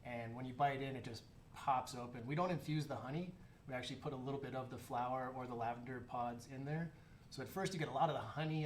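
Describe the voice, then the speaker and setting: Man talking shop in an echoey room. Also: mid-range voice. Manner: relaxed, joking, with fillers and restarts. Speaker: chocolate maker. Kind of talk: casual interview. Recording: echoey room with faint noise.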